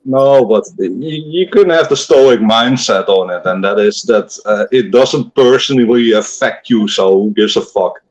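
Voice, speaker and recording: A man's voice: mid-range voice, measured pace, few pauses, poor audio. A young adult man in a casual online group chat, blunt and swearing freely.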